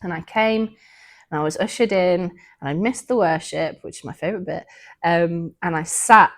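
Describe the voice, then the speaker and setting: A woman's voice: lowish voice, moderate pace. A woman, co-hosting a podcast and earnestly recounting a personal faith story in a casual, reflective way. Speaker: podcast co-host.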